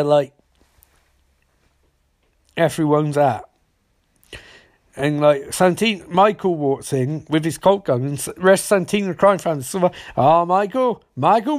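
A man giving a comedic episode recap, talking in animated bursts. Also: fairly high pitch. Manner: animated, jumps in and out of character voices.

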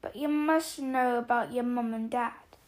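A woman voicing a huge, hot-tempered male giant who is gruff but kind, booming and growling his words with drawn-out emphasis. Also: fairly even intonation, lightly acted. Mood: astonished.

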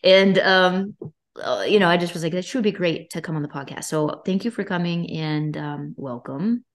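A woman from Boston hosting a casual podcast interview, chatty and energetic, laughing often. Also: fairly low pitch, moderate pace. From Boston, US East Coast. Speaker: podcast host.

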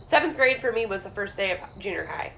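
A young woman co-hosting a podcast in casual chat, teasing her friend and chiming in with quick questions. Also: mid-range voice, big pitch swings, gravelly, fairly bright tone. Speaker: podcast co-host.

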